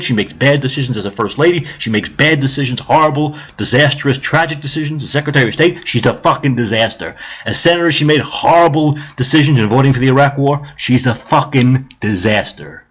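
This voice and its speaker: A man's voice: medium pitch, a bit bright, husky. A man ranting on a live stream about politics, heated, sarcastic and profane, repeating his points.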